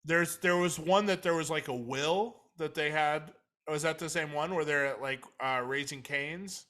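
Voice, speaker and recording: A man's voice: on the high side, moderate pace, sharp tone. A young man co-hosting a podcast in loose, jokey casual chat, steering the topics. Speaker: podcast co-host.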